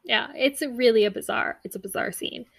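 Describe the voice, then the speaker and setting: A young woman chats through a story recap with lots of energy, slipping into quick voices for each character. Her voice sits high and bright, and the recording is close and dry with almost no room sound. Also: gravelly, slightly rough, no room sound. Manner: animated retelling, acts out characters' lines, laughs often. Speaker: podcast co-host. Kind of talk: casual chat recapping a book.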